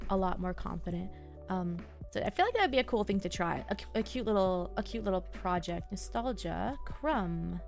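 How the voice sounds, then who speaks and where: Young woman streamer, casual musing chat, slight vocal fry, soft music underneath. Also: mid-range voice. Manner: soft, musing, talks to herself and chat with many fillers. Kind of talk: casual live-stream chat while journaling.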